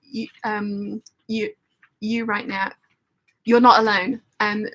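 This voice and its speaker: A woman's voice: on the high side, fairly bright tone, low-quality recording. A middle-aged woman hosting a casual live-stream chat, telling funny stories and laughing often. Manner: chatty storytelling, laughs often. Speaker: host.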